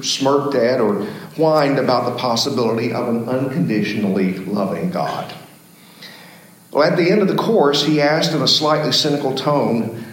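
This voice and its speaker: Storytelling pastor in an echoey church. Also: male voice, fairly low pitch. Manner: folksy storyteller, animated in jokes. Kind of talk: sermon with storytelling.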